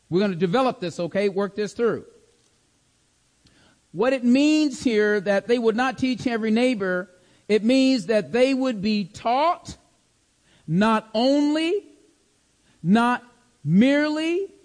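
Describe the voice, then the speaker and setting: A man's voice: high-pitched, darkish tone. A man teaching a Bible study class, checking in often with his listeners and repeating key words for emphasis. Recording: long hall reverb.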